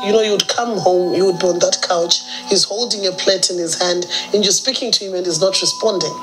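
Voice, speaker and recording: A woman's voice: on the low side, a little fast, rough recording. Zimbabwean woman, middle-aged mother, earnest and worried, music behind. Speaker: interviewed mother. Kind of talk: documentary interview.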